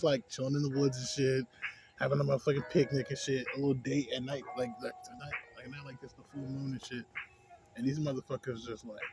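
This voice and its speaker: A young man rambling casually and profanely into his phone about a movie, acting out scenes in a higher voice. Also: poor audio. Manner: loose, profane, rambling, acts out scenes in a high voice. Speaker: vlogger. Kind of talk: casual smoke-session movie review.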